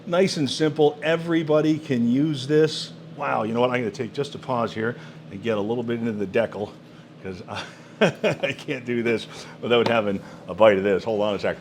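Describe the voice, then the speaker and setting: A man's voice: mid-range voice, normal speed, slight background noise. A man presenting a countertop cooker in a product demo, exclaiming with enthusiasm over the food. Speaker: product demonstrator.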